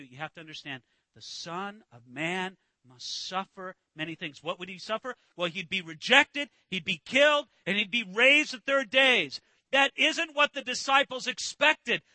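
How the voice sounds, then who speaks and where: Animated high-voiced preacher. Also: male voice, normal speed, no echo. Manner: animated, acts out disciples' voices, restarts. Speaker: pastor. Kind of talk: sermon.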